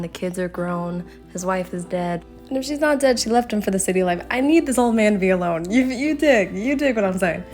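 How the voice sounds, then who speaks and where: A young woman chatting casually while she shows her sketchbook, often breaking into embarrassed giggles and rambling asides. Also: mid-range voice. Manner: giggly, self-conscious, rambling. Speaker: artist vlogger. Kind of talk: casual sketchbook tour chat.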